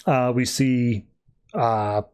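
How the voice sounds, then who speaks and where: A man's voice: medium pitch, fairly even intonation, drawn-out words, a little mellow, clear, resonant tone. A man hosting a podcast, casually recapping and reviewing a comic book with lots of "uh" and "like". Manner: retells scenes breezily, with lots of "uh" and "like". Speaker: podcast host.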